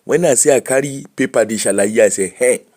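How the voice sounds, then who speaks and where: A middle-aged man with a Nigerian Pidgin English accent, hosting a casual live-stream chat, animated and laughing as he mixes Pidgin and English. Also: medium pitch, fast. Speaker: host.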